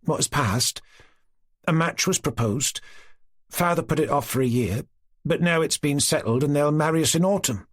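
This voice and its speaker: A man's voice: fairly high pitch, normal speed, no echo, clean studio sound, pitched above the performer's own voice, close to an everyday voice. A man doing a proud, reserved young Cossack girl. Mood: firm. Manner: quiet, firm, serious.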